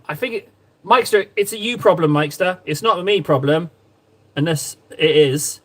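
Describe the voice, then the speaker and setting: A man's voice: fairly high pitch, normal speed, fairly bright tone. A man live-streaming as he paints miniatures, chatting playfully and rambling to his viewers. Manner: playful, rambling, talks to chat while painting. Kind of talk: casual live-stream chat.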